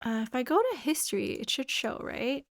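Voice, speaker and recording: A woman's voice: high-pitched, big pitch swings, normal speed, no room sound, studio quality. A woman streamer with a light New Zealand tinge to her American speech, chatting casually and rambling with many fillers while reading and answering chat. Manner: rambling, lots of "like" and "um".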